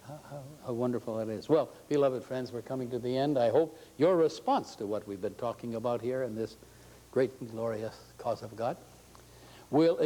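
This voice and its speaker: Over a rough recording, a man with a mid-range voice gives an inspirational talk to a faith gathering. He's folksy and warmly conversational, joking with his listeners.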